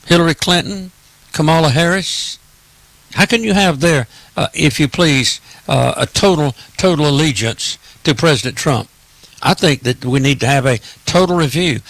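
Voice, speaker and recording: A man's slightly high, gravelly voice delivers an impassioned political monologue. He repeats himself for emphasis, keeps addressing his listeners directly, and stumbles on fillers mid-sentence. The sound is dry and close, with no room echo. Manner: emphatic and repetitive, often saying "ladies and gentlemen" and "et cetera". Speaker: political commentator.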